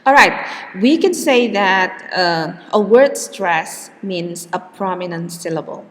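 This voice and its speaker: Woman teacher going over word stress real slow, lots of "okay", long echo in the room. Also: on the low side, expressive, fairly bright tone. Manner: slow and patient, repeats words with exaggerated stress. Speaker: English teacher. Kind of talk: recorded pronunciation lecture. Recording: long hall reverb.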